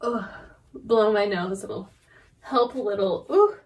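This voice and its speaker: A woman in a sneezing fit, talking haltingly and apologizing between coughs and sneezes. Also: mid-range voice, steady tone, recorded from a distance. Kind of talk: sneeze fetish role-play.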